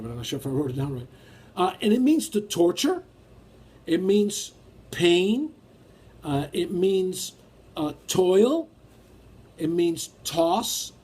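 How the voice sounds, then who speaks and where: A man's voice: high voice, darkish tone, husky. A man preaching a sermon and reading scripture aloud in an emphatic way. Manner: emphatic, rises when acting out feelings.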